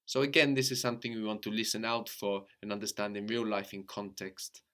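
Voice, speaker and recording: A male language teacher with a fairly low voice leads a guided lesson. He is patient and keeps prompting his student with questions. He often checks in with a quick "no?" at the end of a point. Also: little pitch movement, pushed and bright.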